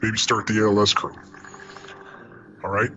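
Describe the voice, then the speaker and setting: A man telling a wild paramedic story in a casual, profane, animated way, acting out the quotes. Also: lowish voice, normal speed, dull audio, slight background noise.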